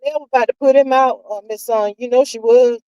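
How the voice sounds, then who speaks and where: A woman's voice: a little high, fairly even intonation, brisk, warm tone, clean tone, dry recording, lo-fi sound. A woman, hosting a live stream and gossiping casually with viewers, sassy and drawling, calling everyone child and honey. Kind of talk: casual gossip chat reading viewer comments.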